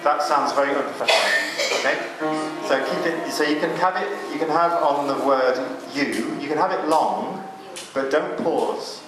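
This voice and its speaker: A man's voice: a little high, moderate pace. A man leading a psalm chanting workshop, explaining each step to the group and singing example lines. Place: cathedral. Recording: very echoey cathedral with music.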